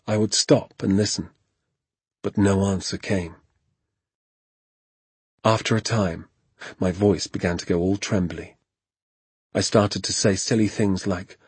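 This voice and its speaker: Man reading a storybook, hushed and suspenseful, lowish voice, dry close sound. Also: fairly even intonation, unhurried, pauses often, slightly rough, no echo. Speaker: narrator. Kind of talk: storybook narration.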